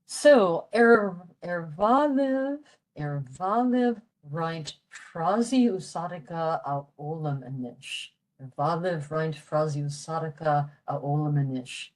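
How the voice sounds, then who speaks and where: An older woman presents a library session on language learning in a low, unhurried voice. She repeats each phrase slowly and pauses often with gentle fillers. She originally comes from western Pennsylvania. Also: lively intonation.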